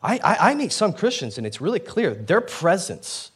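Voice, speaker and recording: A man preaching a sermon in a conversational, animated way, often restarting his sentences and stepping aside to explain. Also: high-pitched, moderate pace, husky. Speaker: pastor.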